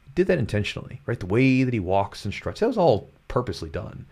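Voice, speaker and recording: A podcast host and jiu-jitsu coach from Kentucky chats casually in a fast, mid-range, slightly mellow voice with big pitch swings. His accent is neutral American, the old Kentucky twang trained away, and he speaks earnestly and motivationally, often repeating himself.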